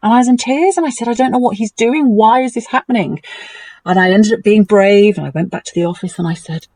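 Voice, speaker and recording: A woman's voice: fast, dry recording. A woman talks as a guest, her voice swinging up and down as she relives hard memories. The sound is dry and close, with no room around her. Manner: animated and emotional, lively pitch swings. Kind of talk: personal storytelling in a conversation.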